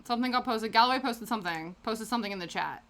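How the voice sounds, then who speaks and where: A woman's voice: fairly high pitch, quick pace, a bit bright. A British woman streaming a crafting session, chatting casually and reacting to her chat with frequent laughs. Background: faint background music.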